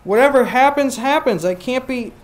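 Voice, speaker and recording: A man's voice: very high-pitched, moderate pace, pitched above the performer's own voice. A man putting on a voice for a fussy, exasperated office man who is fed up. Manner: exasperated, prissy.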